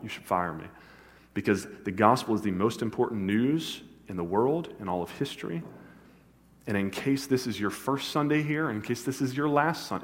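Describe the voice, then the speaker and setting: A man preaching a sermon as pastor, animated, building to emphatic peaks. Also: fairly low pitch. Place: church sanctuary. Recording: long church hall reverb.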